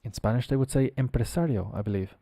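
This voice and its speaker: A man from Ireland teaching English on a live stream, who spells words out slowly letter by letter and explains how they are pronounced. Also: mid-range voice, dark tone, dry recording, studio quality. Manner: explains pronunciation while working on screen.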